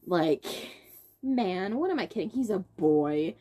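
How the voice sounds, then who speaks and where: A young woman chats casually on her podcast, her pitch leaping around as she tells the story. She acts out the other people's lines with big swings in her voice, in a loose, rambling way. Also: big pitch swings, moderate pace, mellow. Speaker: podcast co-host. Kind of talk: casual chat.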